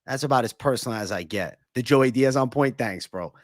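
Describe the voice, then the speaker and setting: A young man with a Northeastern American accent hosts a casual livestream Q&A, swearing freely and bantering with chat between quick celebrity impressions. His medium-pitched voice is captured in a dry, studio-quality recording.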